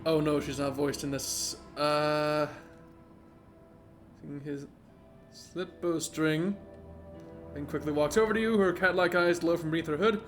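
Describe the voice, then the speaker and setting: A man streaming a game, giving excitable, joking commentary and laughing often. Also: fairly high pitch, a little slow, long pauses, soft background music. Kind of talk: casual gameplay commentary.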